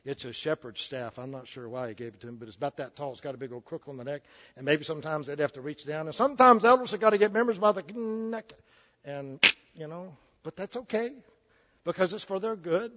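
A man's voice: a little high, fairly quick, a bit bright. A man in his sixties gives a sermon in a slightly raised voice, folksy and joking as he stumbles through restarts. The recording is dull and lo-fi. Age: 60s. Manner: folksy, jokey, with frequent restarts. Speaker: preacher.

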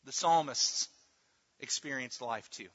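A man's voice: mid-range voice, a little slow, fairly bright tone, slightly rough. A man preaching a sermon in an earnest way, often restarting words and at times dropping almost to a murmur. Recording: dull lo-fi audio with long reverb.

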